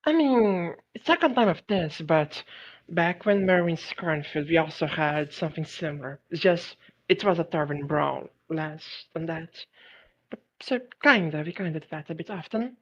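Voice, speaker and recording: A woman takes part in a tabletop game, talking casually and hesitantly. Her voice sits low for a woman. The recording sounds dull and muffled. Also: lively intonation, normal speed, slight background noise. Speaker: player. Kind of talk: tabletop role-play.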